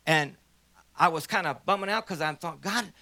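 A man in his sixties giving a folksy, excitable testimony at a church conference, urging the crowd on. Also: on the high side, normal speed, no echo. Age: 60s. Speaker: missionary singer.

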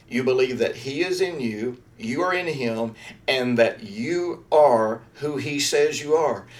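A man delivering a sermon in a mid-range voice. He drives each point home by repeating phrases and slowing down on the words that matter. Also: mid-range voice. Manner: emphatic, repetitive preaching with slow drawn-out stresses. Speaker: preacher.

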